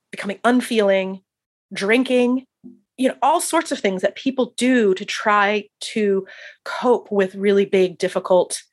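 A woman, a hospice chaplain, talking as a podcast guest in an animated storytelling way and laughing often. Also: mid-range voice. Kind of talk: casual podcast interview.

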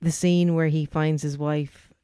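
A man's voice: a little high, flat delivery, a little slow, warm tone, smooth, no room sound, clean studio sound. A man co-hosting a podcast, eagerly retelling film trivia and scenes step by step. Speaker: podcast co-host. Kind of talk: casual film chat.

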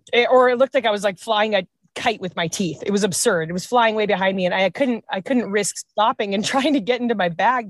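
A woman from Washington state, a comedy writer and podcast guest, telling wild trail stories in a casual, animated way, laughing often and acting out quotes. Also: mid-range voice, dry recording, studio quality. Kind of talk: casual storytelling chat.

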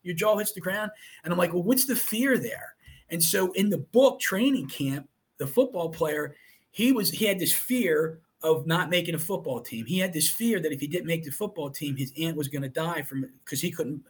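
Retelling a personal experience as an interview guest, a middle-aged man gets earnest and emotional, frequently repeating other people's words as dialogue. He has a fairly high, expressive voice with a breathy edge and speaks at normal speed.

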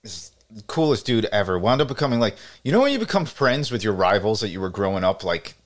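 Male co-host, casual sports chat, very lively pitch, laughs a lot. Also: brisk. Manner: animated storytelling, laughs often, acts out quotes. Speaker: podcast co-host.

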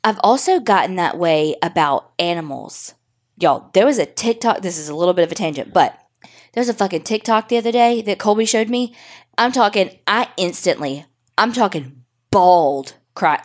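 A woman's voice: medium pitch, expressive, normal speed. Young adult woman, podcast co-host; emotional, rambling chat, reads listener letters. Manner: emotional, swears freely, rambling. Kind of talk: casual chat and reading listener stories.

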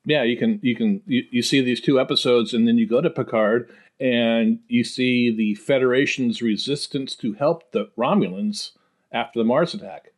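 A man's voice: medium pitch, normal speed. A man in his sixties, a podcast guest, talking in an easygoing, playful way. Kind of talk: casual podcast chat.

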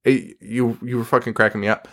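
A man's voice: medium pitch, brisk, creaky. A man in his thirties co-hosting a podcast, talking casually, swearing and laughing a lot. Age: 30s. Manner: animated, swearing, laughing often. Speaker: podcast co-host. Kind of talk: casual chat.

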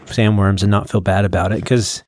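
Low-voiced man, hesitant and wry. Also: level tone, a little fast, a little mellow, no room sound. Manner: hesitant, restarts, dry understatement. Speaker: podcast co-host. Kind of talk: casual podcast chat.

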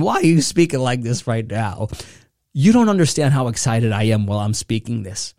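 A man hosting a motivational podcast, speaking in a preachy way that keeps building excitement. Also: mid-range voice, normal speed, no room sound, studio quality. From New York. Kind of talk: motivational speech.

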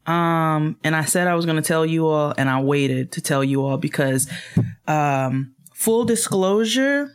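A young adult woman co-hosting a casual podcast chat, telling stories in an animated way. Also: sits low, measured pace, clear, resonant tone. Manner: animated storytelling with laughs. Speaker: podcast co-host.

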